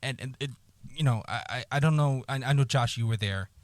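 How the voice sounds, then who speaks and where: A man on a podcast telling a painful personal story, halting, repeating words and swearing often, close to tears. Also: mid-range voice, no room sound. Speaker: podcast co-host.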